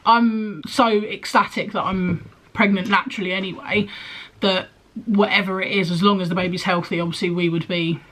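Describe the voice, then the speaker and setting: A woman's voice: mid-range voice, fairly even intonation, normal speed, a bit bright. Chatty pregnant young woman vlogger. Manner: chatty and rambling, with frequent ums and likes. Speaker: vlogger answering questions. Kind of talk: casual chat.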